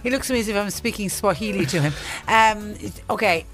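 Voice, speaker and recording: A woman's voice: mid-range voice, fairly quick, fairly bright tone, soft background music. A woman hosting a phone-in quiz on radio, chatty and teasing. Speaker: radio host.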